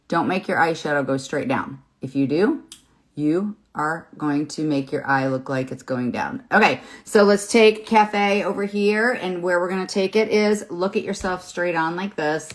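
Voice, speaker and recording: A woman's voice: lowish voice, a little slow. A woman in her fifties hosting a live makeup tutorial, chatty and encouraging, rambling a little with fillers as she works on camera. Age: 50s. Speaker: makeup seller and host. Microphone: phone or webcam in front of her.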